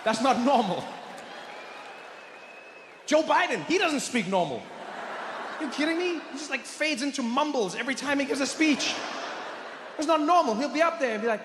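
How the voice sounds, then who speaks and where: A middle-aged man doing an animated stand-up comedy routine, often slipping into voices and impressions. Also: very high-pitched, moderate pace, long pauses, a crowd in the background. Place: large comedy venue. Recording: echoey venue with long reverb and faint noise.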